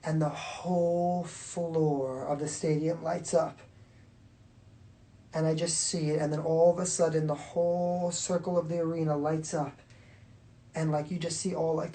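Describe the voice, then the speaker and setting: Her voice is low with a darkish tone as she hosts a phone livestream. She talks casually to viewers, rambling along, cursing freely and leaning on fillers constantly.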